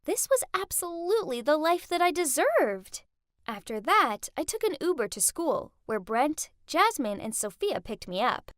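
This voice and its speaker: A woman telling a first-person story in an expressive, dramatic way for an animated story video, recorded close to a studio mic. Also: high-pitched, normal speed, no room sound. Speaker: story narrator. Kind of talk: scripted first-person narration.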